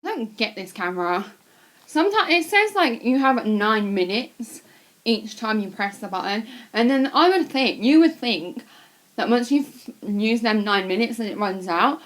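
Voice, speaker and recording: A woman's voice: medium pitch, animated, normal speed. A young woman, chatting to camera in a rambling, casual way with lots of fillers, a bit sick with a cold. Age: young adult. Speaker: vlogger.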